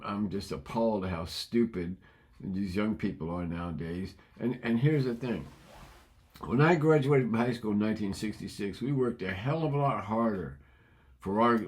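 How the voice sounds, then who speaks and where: A man's voice: fairly low pitch, normal speed, darkish tone. A man, delivering an indignant, opinionated monologue with frequent repetitions. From United States. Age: 70s. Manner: indignant, ranting, repeats himself. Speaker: vlogger.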